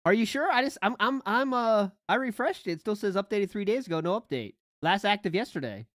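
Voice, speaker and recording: A woman's voice: mid-range voice, animated, no room sound, studio quality. A woman hosting a podcast, sarcastically mocking a clip she is reacting to. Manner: sarcastic, teasing, quick to laugh. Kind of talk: mocking commentary.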